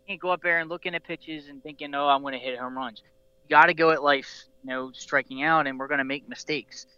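A man's voice: a little high, flat delivery, quick pace, sharp tone, clear, resonant tone, no echo, muffled recording. A man hosting a casual sports talk show, rambling passionately like a devoted fan and restarting his sentences often. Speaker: podcast host.

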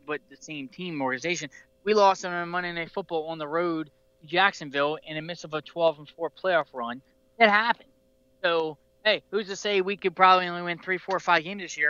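A man's voice: a little high, pushed and bright, clean tone, no room sound, dull audio. A man hosting a casual sports talk show, rambling passionately like a devoted fan and restarting his sentences often. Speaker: podcast host.

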